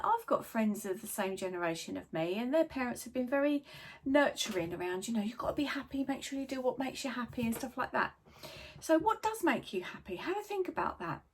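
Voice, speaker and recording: A middle-aged woman talks straight to camera in a relaxed motivational vlog. She rambles, digresses, and bounces into quoted voices of friends and family. Her voice sits at an ordinary pitch for a woman, with a faint hiss of noise behind her. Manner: chatty, digressive, lively quoting of others. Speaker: vlogger and life coach.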